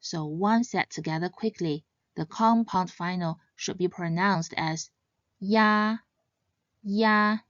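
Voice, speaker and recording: Slow, careful woman teaching pronunciation. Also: lowish voice, no room sound, lo-fi sound. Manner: slow, careful, stresses each sound example. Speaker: language teacher. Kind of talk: scripted pronunciation lesson.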